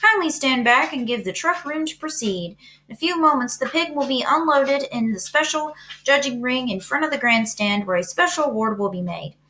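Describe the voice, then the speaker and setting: A woman reading aloud, voicing a pompous male loudspeaker announcer at a fair with grand, drawn-out announcing. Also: high voice, animated, pitched above the performer's own voice.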